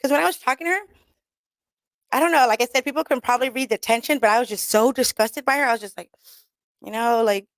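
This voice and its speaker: A woman's voice: on the high side, fast talker, long pauses, no echo. Blunt, profane woman radio host. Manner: blunt, profane, laughs often; mixes in Spanish slang. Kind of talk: casual, rambling radio talk.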